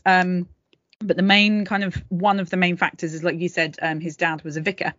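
A woman's voice: fairly low pitch, steady tone, fairly quick, fairly bright tone, no echo. A woman co-hosting a casual history podcast, chatty and full of jokey asides. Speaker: podcast co-host. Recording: slightly dull, dry home mic.

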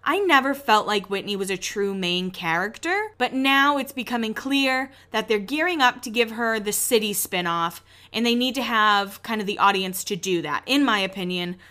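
A woman's voice: on the high side, sharp tone. A young woman hosting a podcast, recapping a show in a chatty, opinionated way and swearing casually. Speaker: podcast host.

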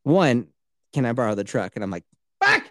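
A man telling stories in casual podcast chat, ranting in a profane, animated way. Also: medium pitch, brisk, dry recording, studio quality.

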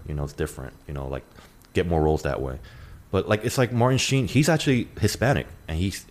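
Man, very deep voice, fast chatty talk, casual discussion. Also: expressive. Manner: quick, chatty, lots of "like".

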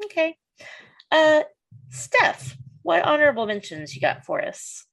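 A woman hosts a relaxed podcast conversation, chatty and quick to laugh. Her voice sits fairly high and swoops animatedly through each sentence. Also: vocal fry. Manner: laughs often, lively and chatty. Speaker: podcast host. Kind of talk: casual podcast chat.

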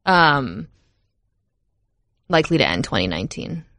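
A woman's voice: deep voice, sing-song, unhurried, fairly bright tone, no echo. A woman with a Minnesota accent co-hosting a podcast, chatting casually and chattily about football with self-mocking asides. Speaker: podcast co-host. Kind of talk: casual sports chat.

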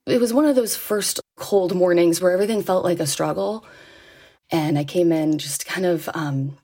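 A woman, earnestly telling a personal story and laughing softly between phrases. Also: fairly low pitch, moderate pace. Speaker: interviewee sharing a personal story.

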